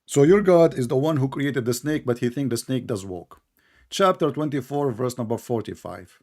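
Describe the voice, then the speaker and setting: A man hosting a heated live debate, arguing sarcastically in non-native English and repeating his points slowly. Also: mid-range voice, a little mellow. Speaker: debate show host.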